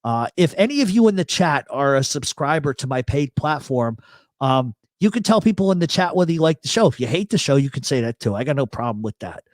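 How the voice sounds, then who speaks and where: A man's voice: on the high side, lively intonation, brisk, no echo. A man from New York hosting a casual livestream chat, blunt and joking, swearing freely, on an expensive studio mic run through a voice processor. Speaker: host. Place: home studio.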